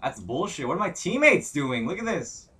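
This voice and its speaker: Raging young gamer man, bright voice. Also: on the high side, big pitch swings, moderate pace. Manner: swears constantly, bursts into shouting rage; mutters play-by-play under his breath. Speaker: gaming commentator. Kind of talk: live gameplay commentary.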